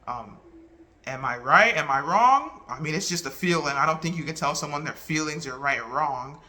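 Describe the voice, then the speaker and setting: Man vlogging, piercing bright voice, slightly high, earnest, restarts a lot. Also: animated. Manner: earnest, halting retelling with many restarts. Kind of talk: casual talk to camera.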